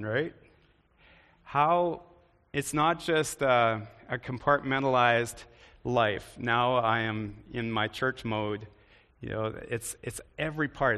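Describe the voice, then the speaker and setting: A man's voice: mid-range voice, a bit bright, long reverb tail. A man preaching a sermon in a conversational way, often turning to the congregation with questions. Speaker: pastor.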